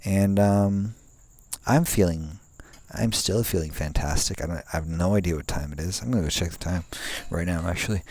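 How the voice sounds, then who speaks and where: Outdoors at night, a young male vlogger rambles in a low, darkish voice at an ordinary pace. His talk wanders, packed with fillers and restarts, and he's relaxed enough to drop the occasional swear word.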